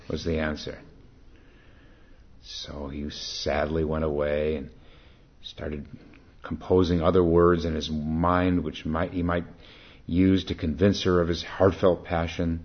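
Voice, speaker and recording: Deep husky guy giving a slow calm dharma talk, dull lo-fi recording. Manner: calm, unhurried, reflective. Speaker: meditation teacher.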